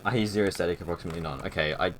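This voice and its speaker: A man's voice: sits low, racing, a little hiss or hum. A young man streaming from his desk on a headset, chatting casually and rambling with fillers. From Australia. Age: young adult. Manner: rambling and easygoing, with many fillers and restarts. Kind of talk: casual live-stream chat.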